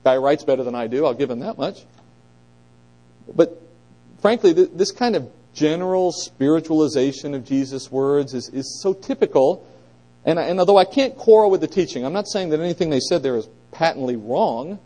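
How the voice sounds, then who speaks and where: A middle-aged man teaching a conversational Bible lesson, asking his listeners questions and pressing points with animated emphasis. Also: on the high side, normal speed, low-quality recording.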